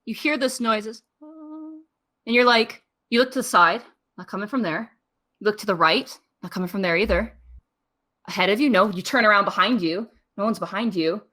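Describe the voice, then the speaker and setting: A woman narrating as game master of a tabletop game, casual and quick to laugh. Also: mid-range voice, bright, forceful tone. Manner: casual, laughing, restarts often.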